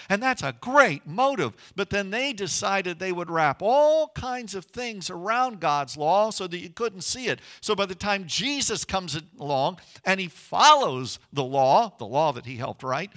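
Male pastor, middle-aged, high bright voice, earnest conversational sermon delivery. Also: animated, normal speed. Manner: earnest, conversational preaching with emphatic rises.

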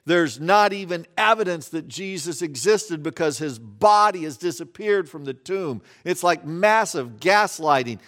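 A male pastor delivering a sermon with a slightly high-pitched voice. He tells the story with animation, acting out its scenes and then falling quiet. The delivery is conversational and expressive.

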